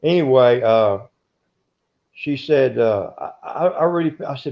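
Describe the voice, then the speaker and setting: Older male interviewee, gruff rambling storyteller, gravelly voice, muffled lo-fi sound. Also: mid-range voice, animated, measured pace. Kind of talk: casual storytelling. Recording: dull lo-fi recording.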